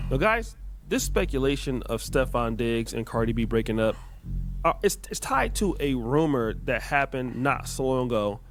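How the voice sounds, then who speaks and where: Brief: mid-pitched male host narrating gossip, faint music under. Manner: narrating news then reading comments aloud. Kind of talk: reaction commentary.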